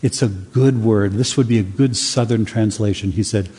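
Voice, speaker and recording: A man preaching a sermon with dramatic, emphatic pauses. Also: fairly low pitch, mellow, husky. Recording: long reverb of a large hall.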